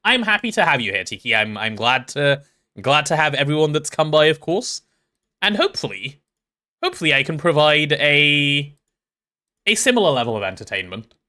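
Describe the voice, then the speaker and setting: Streaming a game live from his home setup, a man chats casually, rambling through his build and greeting viewers in chat. His bright, slightly high voice swings widely in pitch with a sing-song quality, and he keeps an easy, chatty flow at normal speed despite often restarting sentences.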